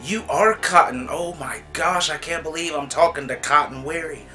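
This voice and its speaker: A man quoting a flirtatious woman on the phone, in a coy, teasing and slightly hushed voice. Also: a little high, moderate pace, soft background music, pitched above the performer's own voice. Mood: flirty.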